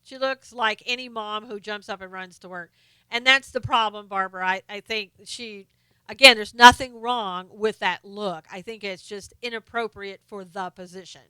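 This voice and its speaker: A woman hosting a casual live stream, reading viewer comments aloud in a chatty, halting way full of fillers and restarts; she is losing her voice. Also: medium pitch, steady tone, pushed and bright, clear, resonant tone, no echo.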